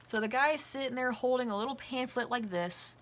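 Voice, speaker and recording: Bright-voiced young woman telling work stories. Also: on the high side, a little fast, slight background noise. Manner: animated, acts out quoted voices, swears casually. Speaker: vlogger and restaurant worker. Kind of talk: casual storytelling.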